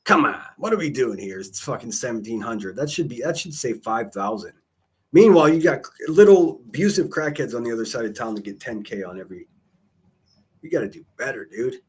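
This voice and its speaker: A man's voice: medium pitch, animated, fairly quick, husky. A man, livestreaming in casual chat, rambling with profane jokes and asides.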